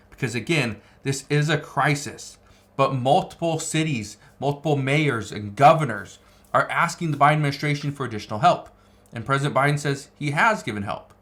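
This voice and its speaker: A man's voice: medium pitch, a bit bright. Emphatic man commenting on news. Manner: emphatic, repeats key phrases. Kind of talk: news commentary reading articles.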